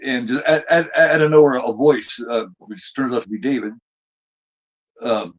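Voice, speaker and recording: A man's voice: medium pitch, normal speed, rough recording. A man casually recapping a TV episode as a podcast co-host, rambling with lots of fillers and restarts.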